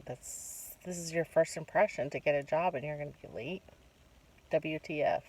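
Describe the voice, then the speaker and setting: A woman's voice: low-pitched, moderate pace, darkish tone. A woman talking casually, retelling a job interview with many quoted asides and personal reflections. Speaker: vlogger. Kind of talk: casual storytelling monologue. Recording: distant mic with faint background noise.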